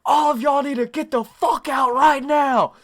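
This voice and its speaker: A man mimicking an enraged middle-aged mother who yells profanities at a group of teenagers. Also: very high voice, steady tone, measured pace, pitched above the performer's own voice. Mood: furious. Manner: shrieking, profane. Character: furious middle-aged mother yelling at teens.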